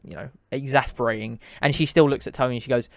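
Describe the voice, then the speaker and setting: A man running a tabletop game, narrating in a rambling way and often restarting his sentences. His voice sits at a middle pitch, in a dry, close recording. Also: fairly even intonation, fast talker, vocal fry, no room sound. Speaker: game master.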